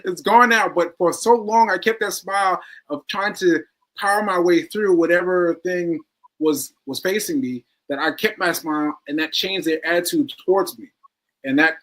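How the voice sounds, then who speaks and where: A man's voice: fairly high pitch, moderate pace, fairly bright tone, poor audio. A man being interviewed as a guest, speaking earnestly and repeating phrases for emphasis. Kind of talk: interview conversation.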